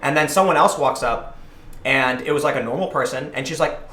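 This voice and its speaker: A man in his thirties hosting a casual live stream, telling rambling, animated stories and acting out what people said to him. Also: mid-range voice, fast talker. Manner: rambling, animated storytelling, acting out quoted voices. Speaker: livestream host. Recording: echoey room, faint noise.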